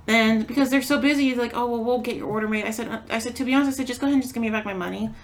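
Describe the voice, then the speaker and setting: A woman's voice: fairly high pitch, racing. A woman co-hosting a podcast, telling a story in casual chat, acting out quotes and swearing freely. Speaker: podcast co-host.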